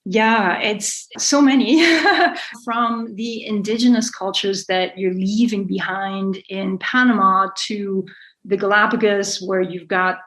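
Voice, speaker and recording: A woman's voice: mid-range voice, steady tone, measured pace, a bit bright, poor audio. A middle-aged woman being interviewed, talking at length in a rambling, self-correcting way with frequent small laughs. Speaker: guest, sailor and author. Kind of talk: conversational interview.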